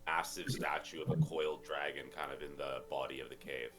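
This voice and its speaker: A man narrating a tabletop game as game master, describing scenes in a relaxed way. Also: very deep voice, a little fast.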